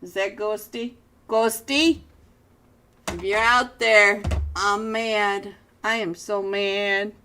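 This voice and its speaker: A young adult woman casting a mobile shooter match live, calling fights and joking with her viewers. She talks at an unhurried pace in a mid-pitched voice, excitable and quick to poke fun at herself. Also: slight background noise. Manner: excitable, self-mocking, jumps between play calls and chat. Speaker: esports caster. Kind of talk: live game commentary.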